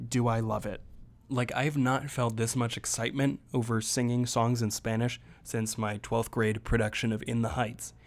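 A man's voice: medium pitch, darkish tone. A young man hosting a podcast, giving a rambling, self-deprecating and jokey solo movie review. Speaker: podcast host.

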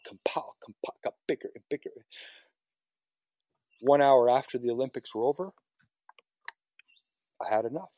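A man's voice: fairly high pitch, warm tone, dry recording. A firefighter being interviewed, telling his story in a raw, emotional way with frequent swearing. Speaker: firefighter guest. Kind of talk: personal story on a podcast.

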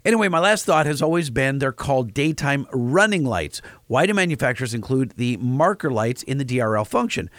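A man co-hosting a podcast in casual chat, reading listener emails aloud, halting with many fillers and restarts. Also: mid-range voice, lively intonation, a bit bright, dry recording. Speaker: podcast co-host.

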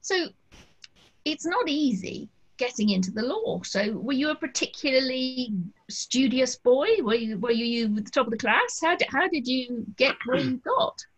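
A woman with a Liverpool accent hosting a live interview over a video call, friendly and quick to laugh. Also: sits high, lively intonation, highs cut off. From Liverpool, England. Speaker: host.

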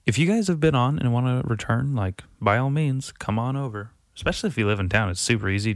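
A man hosts his own podcast solo, rambling, swearing a lot, and putting himself down, often sighing and trailing off into a mutter before starting over. His medium-pitched voice is lively, and he talks fast with few pauses, recorded with no room sound.

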